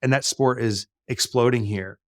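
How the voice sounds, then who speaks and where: Middle-aged man, mid-pitched, loose and talky with lots of "uh"s, recorded close and dry. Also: normal speed, no echo. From United States. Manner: chatty, frequent fillers and restarts. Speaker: guest, business author. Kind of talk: conversational interview answers.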